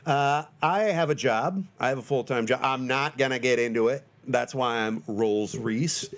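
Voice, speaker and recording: On his solo podcast, a man in his forties from Northern Michigan, US, rambles at a moderate pace. He's self-mocking and loose, with lots of fillers and restarts, and he bursts into shrill, panicked shouting as a comic bit.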